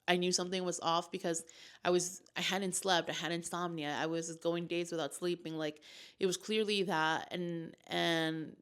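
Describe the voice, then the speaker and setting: Young woman vlogging, kinda low voice, rambly and emotional, lots of likes and ums. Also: steady tone, normal speed, a bit bright, clean tone. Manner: emotional, rambling retelling with many fillers. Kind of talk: casual storytelling to camera.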